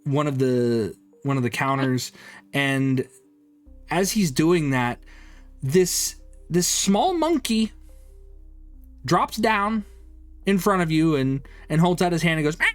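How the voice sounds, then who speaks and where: Slow, rambling male game master. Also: fairly high pitch, lively intonation, no echo, soft background music. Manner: loose and rambling, many fillers. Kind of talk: narrating a tabletop game.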